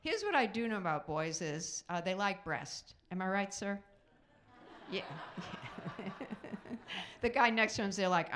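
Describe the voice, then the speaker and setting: A middle-aged woman works a live theater crowd through a handheld stage mic. Her stand-up is chatty and self-mocking, with quick asides to the audience. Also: medium pitch, big pitch swings, a bit bright, a little hiss or hum. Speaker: stand-up comedian. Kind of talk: stand-up comedy set.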